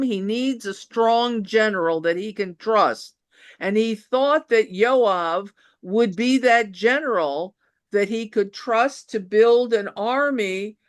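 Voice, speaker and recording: Slow, deliberate woman teaching scripture. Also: medium pitch, clean tone, no echo, clean studio sound. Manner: deliberate, emphatic, stressing key points. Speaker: Bible teacher.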